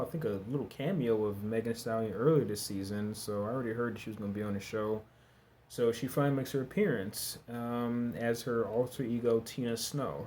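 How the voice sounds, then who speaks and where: A man's voice: medium pitch, darkish tone, slight background noise. A man giving a casual, chatty recap of a TV episode, talking loosely with fillers, restarts and bits of slang. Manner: candid, with some slang. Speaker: TV episode reviewer.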